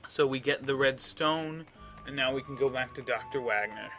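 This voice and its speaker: At a moderate pace, a roughly thirty-year-old man talks over his video game in a rambling, chatty let's play style, often restarting his sentences. His voice sits mid-range and sounds a bit bright.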